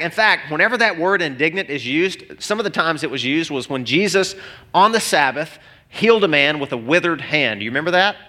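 A male pastor preaching a sermon to a congregation, animated and conversational, often restarting phrases. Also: fairly high pitch, brisk. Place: church hall before a congregation.

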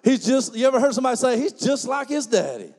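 A man preaching a sermon as pastor, folksy and joking, swinging from quiet asides to loud emphatic preaching. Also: very high-pitched, big pitch swings, fast, long reverb tail.

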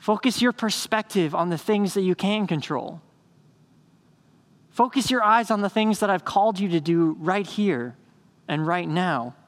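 Earnest high-voiced male pastor. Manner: earnest, builds to excited storytelling then slows to hushed emphasis. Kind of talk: sermon.

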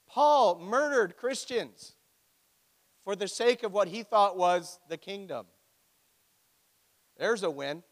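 High-voiced joking pastor preaching. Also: male voice, lively intonation, slow, long pauses. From Ontario, Canada. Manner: joking, conversational storytelling. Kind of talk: sermon. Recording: echoey hall.

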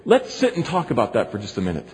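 A man's voice: medium pitch, huge pitch swings, fast talker, a little mellow, husky, pitched below the performer's own voice, heavily acted. A man voicing God as a loving father who asks rhetorical questions, in a long echoing hall. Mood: tender. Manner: rhetorical questions, pleading and insistent.

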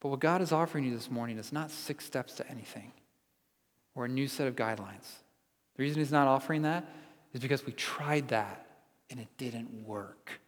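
A man's voice: medium pitch, in a large hall. A man preaching a sermon as pastor, earnest and building to emphatic repetition.

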